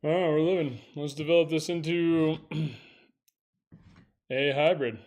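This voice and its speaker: A man hosting a live stream, chatting loosely to himself and his viewers as he sets up, then pitching hard to them. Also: fairly even intonation, measured pace, darkish tone. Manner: loose, profane, talks to himself while setting up; punchy hype pitch to viewers. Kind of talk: casual live stream setup chat.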